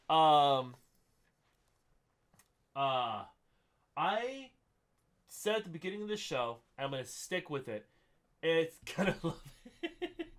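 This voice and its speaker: A man's voice: high voice, fairly bright tone. A man hosting a podcast in casual chat, loose and chatty, swearing freely. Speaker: podcast host.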